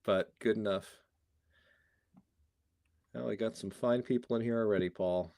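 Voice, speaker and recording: A man's voice: fairly low pitch, fairly even intonation, normal speed, gravelly, a little mellow, no echo. A man from New Hampshire with a New England accent, co-hosting a livestream, joking with his partner and reading out viewer names. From New Hampshire, USA. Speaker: co-host of a coin livestream. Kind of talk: casual livestream chat.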